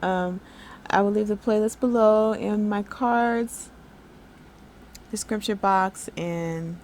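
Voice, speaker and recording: A woman's voice: medium pitch, darkish tone, slight background noise. A young woman chatting casually over her nail art tutorial, upbeat and full of fillers.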